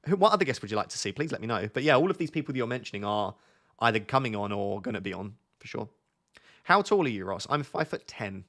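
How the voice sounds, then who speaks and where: A man's voice: lowish voice, big pitch swings, quick pace, fairly bright tone. A man chatting casually on a live stream, waffling and joking as he answers questions from viewers.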